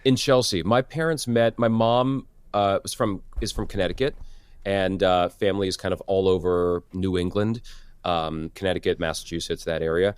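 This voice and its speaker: Low-voiced, chatty man in his thirties. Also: fairly even intonation, clean tone, no room sound. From New York City. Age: 30s. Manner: chatty, self-deprecating, halting restarts. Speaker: guest actor and producer. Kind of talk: podcast interview.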